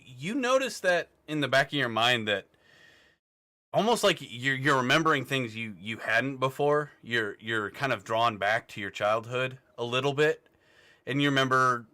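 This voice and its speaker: A man's voice: mid-range voice, pushed and bright. A young man running a tabletop game as game master, laughing often between hesitant narration.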